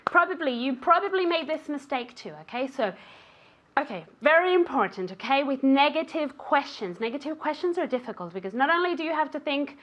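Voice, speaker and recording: On a show, a woman gives an English lesson in a fairly quick, slightly bright, high-pitched voice with lively intonation, though the audio is dull. Encouraging toward both the student and the audience at home, she keeps checking in by ending phrases with "okay?"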